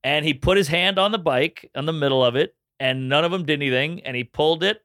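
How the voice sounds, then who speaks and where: Bright punchy guy from new orleans, comedian telling a wild story, does all the voices, dry close mic. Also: a little high, fast, dry recording. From New Orleans, Louisiana. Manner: animated storyteller who acts out voices. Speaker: comedian guest. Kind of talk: casual storytelling chat.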